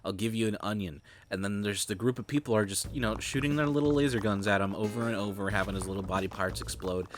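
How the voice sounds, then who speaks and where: A man's voice: lowish voice, fairly even intonation, fast talker, hardly any pauses, noisy background. A young man streaming a game, rambling in casual commentary and swearing freely. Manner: rambling, swears freely, laughs at his own jokes. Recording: game music playing behind.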